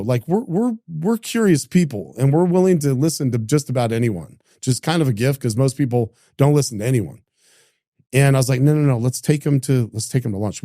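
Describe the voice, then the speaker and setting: Middle-aged man telling a story in a mellow voice. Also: medium pitch, no echo, studio quality. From Idaho, United States. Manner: animated, acts out quoted dialogue, frequent restarts. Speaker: entrepreneur guest. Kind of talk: casual storytelling conversation.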